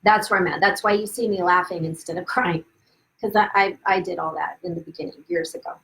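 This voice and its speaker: A woman's voice: lowish voice, fairly even intonation, fairly quick, gravelly, fairly bright tone, poor audio. A woman hosting a live video stream, telling her own story in a candid, casual way with frequent asides and restarts, laughing at her past. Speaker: host of a live video series. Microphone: webcam or phone, live stream.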